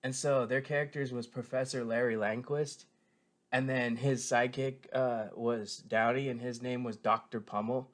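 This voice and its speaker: A man talks through his thoughts in an easygoing, meandering way, leaning on fillers and restarting his sentences. His pitch sits in the middle range for a man. He sounds like an eager fan chatting straight to his viewers. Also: fairly even intonation, moderate pace. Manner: meandering, filler-heavy, frequent self-corrections; enthusiastic fan tone. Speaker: show reviewer. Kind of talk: casual rambling commentary.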